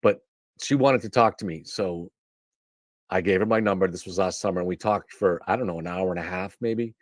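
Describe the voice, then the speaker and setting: Rambling low-voiced man in a dry room. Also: a little fast, dry recording. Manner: rambling, with restarts and asides. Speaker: show host. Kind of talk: casual monologue on a live stream.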